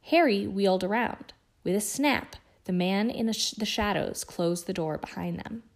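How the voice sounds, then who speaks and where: A woman guest reader narrating a novel chapter aloud in a measured, hushed way. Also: mid-range voice, vocal fry.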